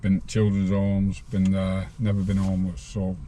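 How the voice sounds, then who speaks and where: A man's voice: low voice, monotone, moderate pace, mellow, a little hiss or hum. A man in his sixties, a podcast guest telling a rambling story from his own life in a plain-spoken way.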